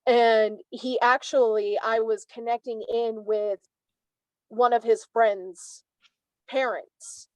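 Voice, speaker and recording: A woman in her twenties, a tarot reader, telling stories as an interview guest in a chatty, animated way with many "like" fillers. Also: on the high side, takes it slowly, dry recording, rough recording. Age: 20s. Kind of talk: casual interview storytelling.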